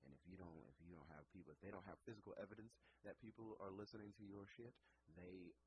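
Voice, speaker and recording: A man's voice: low-pitched, fairly even intonation, fast, muffled recording, slight background noise. A man hosting a late-night radio show and podcast, talking casually in a rambling, profane way with lots of fillers, in a studio. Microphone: headphones and studio mic.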